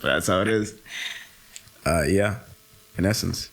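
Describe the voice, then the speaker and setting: Lowish voice guy cohosting a chatty podcast, rambles and corrects himself a lot. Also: unhurried, gravelly, a bit bright. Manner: rambling, self-correcting, laughs easily. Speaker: co-host. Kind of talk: casual podcast chat.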